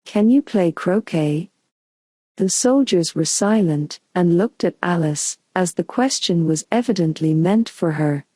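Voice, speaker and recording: A woman narrating a bedtime storybook in a calm, soothing, unhurried way. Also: lowish voice, dry recording. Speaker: audiobook narrator.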